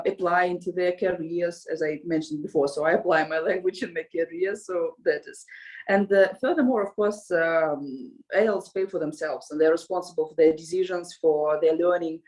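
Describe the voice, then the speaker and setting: A woman with a Russian accent speaks in a somewhat low voice. She answers interview questions casually as a language school co-founder. She often hesitates, restarts and fills pauses with "uh". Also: darkish tone, low-quality recording. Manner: hesitant, many fillers and restarts.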